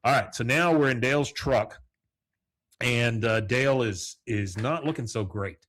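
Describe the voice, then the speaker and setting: A man's voice: mid-range voice, measured pace, fairly bright tone, dry recording. A man hosting a podcast solo, recapping a cartoon episode in a rambling, casual way, full of fillers. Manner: rambling, with frequent fillers and chuckles. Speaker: podcast host.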